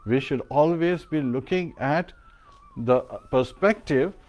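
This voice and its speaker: A man's voice: on the high side, takes it slowly, darkish tone. A man giving a devotional sermon as a spiritual teacher, chanting verses and mantras and telling a parable.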